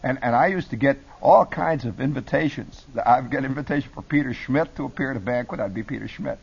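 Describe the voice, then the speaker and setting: Man, husky, middle-aged, lively pitch, muffled broadcast sound. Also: fast. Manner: lively, jumps between put-on radio voices. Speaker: talk show guest telling stories. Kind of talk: animated storytelling. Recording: dull lo-fi broadcast audio.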